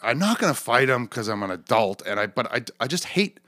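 A man in his forties, a comedian hosting a podcast, telling a rowdy story in a casual, swearing, animated way. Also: fairly quick, dry recording. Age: 40s. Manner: animated, swearing, acts out quoted voices with jumps in pitch.

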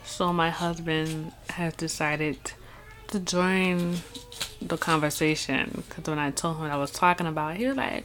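A woman with a fairly low voice talks about her faith in a loose, rambling way. She says "you know" and "y'all" constantly. She brings quotes to life with an animated voice. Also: a little slow. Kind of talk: casual faith talk to camera.

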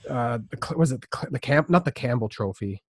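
A man's voice: mid-range voice, lively intonation, brisk, slightly rough, dry recording. A man co-hosting a casual sports podcast, rambling and restarting his sentences. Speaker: podcast co-host.

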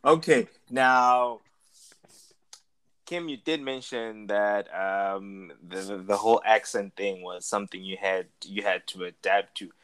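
A man hosting a casual podcast chat, relaxed and laughing often, repeating words as he thinks. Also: fairly low pitch, a little slow, smooth, low-quality recording. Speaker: podcast host.

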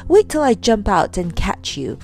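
A woman's voice: medium pitch, very animated, normal speed. A woman putting on a furious, bossy magician man. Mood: panicked rage. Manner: shouting and scolding. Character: angry, bossy male magician.

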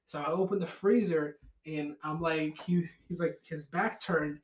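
A young man with a fairly high voice, chatting in a loose, slangy way and laughing through his own stories. He sits back from the mic in an echoey room. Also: unhurried, distant mic. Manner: slangy, rambling, laughs a lot while telling stories. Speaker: podcast co-host. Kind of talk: casual chat.

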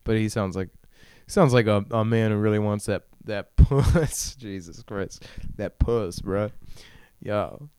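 A man's voice: fairly low pitch, slow, darkish tone, clear, resonant tone, no room sound, studio quality. A young man hosting a solo comedy podcast, ranting crudely in a rambling way and often laughing at his own jokes. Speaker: podcast host.

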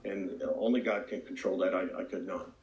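Guy with a lowish voice telling his recovery story, earnest and reflective, echoey room. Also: steady tone, fairly quick, a little mellow, highs cut off. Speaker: AA speaker. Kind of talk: personal recovery testimony. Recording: roomy echo.

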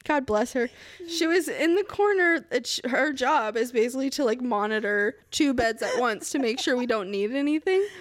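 A woman's voice: lively intonation, moderate pace. A young woman co-hosting a podcast, telling a story in casual talk, swearing often and acting out quotes. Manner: swears often, acts out quotes in a high panicked voice. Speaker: podcast co-host.

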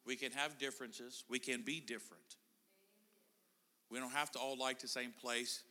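A man's voice: mid-range voice, steady tone, moderate pace, sharp tone. A middle-aged man preaching a casual sermon in a church, chatting and joking with the congregation. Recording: church hall reverb.

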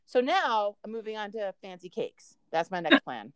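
A woman's voice: medium pitch, sing-song, moderate pace, few pauses, a bit bright, smooth, no room sound, studio quality. A woman co-hosting a podcast, telling a long rambling story in casual chat. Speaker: podcast co-host.

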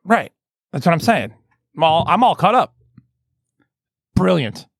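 Excitable high-voiced man hosting a podcast. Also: measured pace, creaky, slightly rough, no echo, clean studio sound. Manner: excitable, laughs often, restarts sentences. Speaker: podcast host. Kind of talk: casual comedy podcast chat.

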